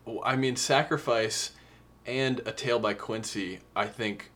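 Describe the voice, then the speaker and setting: A man's voice: medium pitch, measured pace, a bit bright. A man co-hosting a podcast, chatting casually about an album, earnest and openly emotional as he quotes lyrics. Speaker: podcast co-host. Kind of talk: casual music review chat.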